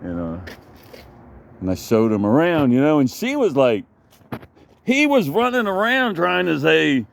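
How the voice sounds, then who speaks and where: A man's voice: medium pitch, sing-song, unhurried, gravelly, a little hiss or hum. Rambling, profane man telling a story. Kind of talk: casual storytelling vlog. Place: outdoor backyard.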